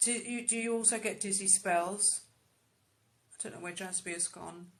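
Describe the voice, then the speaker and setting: A woman doing a live-stream psychic reading into a phone, murmuring repeated phrases with many soft ums. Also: medium pitch, normal speed.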